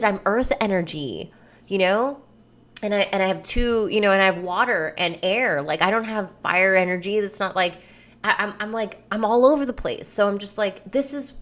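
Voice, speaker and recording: A woman hosting her own podcast, talking candidly and loosely in a rambling monologue, swearing freely. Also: mid-range voice. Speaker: podcast host and coach. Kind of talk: casual solo podcast monologue.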